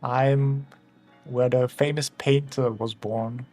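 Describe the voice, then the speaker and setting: With faint music behind him, a young Austrian man streams his drawing and chats casually, reading chat aloud with rambling asides and chuckles. His medium-pitched voice is steady, slow, and a little mellow, carrying an Austrian German accent.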